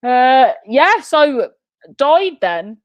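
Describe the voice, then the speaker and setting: A woman's voice: very slow, no room sound, highs cut off. Chatty laughing woman, dry sound. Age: 30s. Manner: chatty, laughing, self-mocking, lively pitch jumps. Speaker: guest telling her story. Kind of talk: comic storytelling in conversation.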